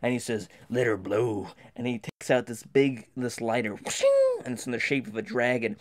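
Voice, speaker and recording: A man's voice: mid-range voice, fairly even intonation, normal speed. A man telling a comic tall tale as a dramatic monologue, stammering and restarting often. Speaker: storyteller.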